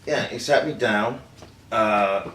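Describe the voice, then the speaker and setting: Guy acting as a famous director, halting, lots of uhs, echoey distant room. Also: fairly low pitch, a bit bright. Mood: hesitant. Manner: halting, hesitant, many fillers. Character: man playing a famed film director recounting secrets. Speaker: actor in a staged interview. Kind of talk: improvised interview acting. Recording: roomy echo from a distant mic with faint noise.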